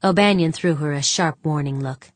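Low-voiced woman narrating an audiobook. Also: dry recording. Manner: even, measured storytelling. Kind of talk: scripted narration.

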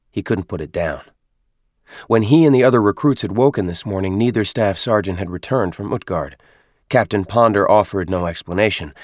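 A man reading a science fiction novel aloud in steady, measured audiobook narration. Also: on the low side, dry recording, clean studio sound. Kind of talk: scripted narration.

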